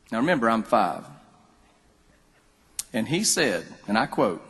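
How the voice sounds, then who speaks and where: On stage at a concert venue, a musician from North Carolina tells jokey, folksy stories between songs, his sound carrying live hall reverb. His medium-pitched voice is lively in intonation, a bit bright with a breathy edge, and he speaks at a moderate pace with frequent pauses.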